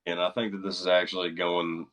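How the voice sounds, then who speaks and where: A man who is a guest voice actor on a casual livestream, talking in a relaxed, halting way with lots of fillers. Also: deep voice, rough recording.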